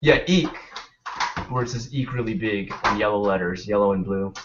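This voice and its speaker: A man's voice: lowish voice, moderate pace, background noise. A young man hosting a casual podcast chat, laid-back and rambling, swearing now and then. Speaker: podcast host. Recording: dull lo-fi stream audio.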